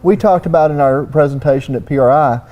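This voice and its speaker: Man, Southern US accent, high-pitched, mellow tone, folksy rambling panel talk. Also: fast. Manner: folksy, rambling, lots of "you know". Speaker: panel guest, surface-finishing expert. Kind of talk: casual technical panel talk. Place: trade expo stage.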